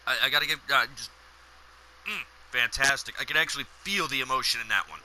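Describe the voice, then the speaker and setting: A man's voice: medium pitch, fast, sharp tone, a little hiss or hum, rough recording. A man giving enthusiastic, casual let's play commentary on a video game and reading its text aloud.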